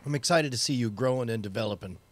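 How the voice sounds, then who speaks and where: A man's voice: mid-range voice, fast. A man hosting a casual chat, joking around and talking with his mouth full while he eats. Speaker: stream host.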